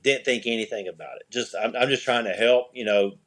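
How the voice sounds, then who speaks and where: A man's voice: mid-range voice, a little fast, a bit bright. A middle-aged man, a podcast guest, telling a rambling story in a casual interview, restarting sentences and acting out quoted dialogue. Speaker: podcast guest, eyewear company owner.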